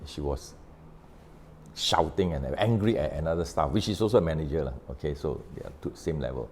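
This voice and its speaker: A man's voice: a bass voice, darkish tone, a little hiss or hum. A middle-aged man with a Malaysian English accent, an author talking through a workplace story and acting out the conversations in it. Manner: recounts conversations with quoted dialogue, unhurried, explanatory. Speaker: author sharing on his book. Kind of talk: casual storytelling talk.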